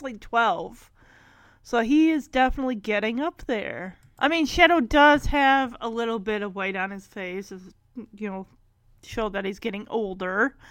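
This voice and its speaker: A woman giving casual commentary on a film, retelling scenes in an animated way and laughing often. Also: a little high, no room sound. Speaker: movie recap commentator.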